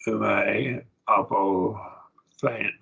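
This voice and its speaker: A plainspoken man, a preacher, works through Greek grammar in a classroom lesson at an unhurried crawl. His voice is gravelly with a bright edge, and the recording sounds dull and lo-fi. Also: on the low side, fairly even intonation. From rural. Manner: slow, plainspoken, folksy. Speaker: Bible Greek teacher.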